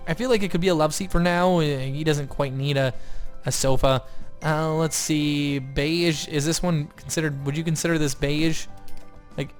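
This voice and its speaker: A young man giving excitable let's-play commentary, gushing loudly one moment and muttering the next. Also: fairly high pitch, moderate pace, faint music behind. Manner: excitable, gushing, swings between loud outbursts and quiet mutters. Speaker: gaming YouTuber.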